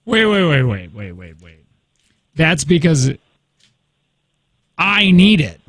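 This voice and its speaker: A man's voice: fairly high pitch, sing-song, slow pace, fairly bright tone. A man in his forties hosting a morning radio show, chatty and telling stories in casual banter. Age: 40s. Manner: chatty, storytelling, laughs easily. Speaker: radio host. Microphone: studio mic.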